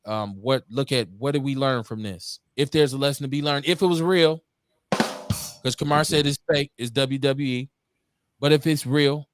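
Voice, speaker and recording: A man hosting a call-in radio show talks with fiery conviction. He swings between loud, pitched-up rants and low, dropped asides, swearing as he goes. His voice is mid-pitched and sits close and dry on the mic. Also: clean tone, no room sound. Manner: fiery, preachy, swings between shouting and muttering, swears freely. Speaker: host. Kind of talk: impassioned call-in radio talk.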